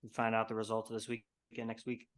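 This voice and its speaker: A man's voice: on the low side, completely flat delivery, fast. A young man co-hosting a sports podcast, laid-back and casual, calling friends bro and dude. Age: young adult. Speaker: podcast co-host.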